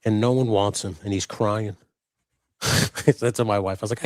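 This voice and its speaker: Low-voiced man rambling casually. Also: steady tone, normal speed, no echo. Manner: loose and rambling, swears a lot. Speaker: co-host of a live customizing stream. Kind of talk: casual chat.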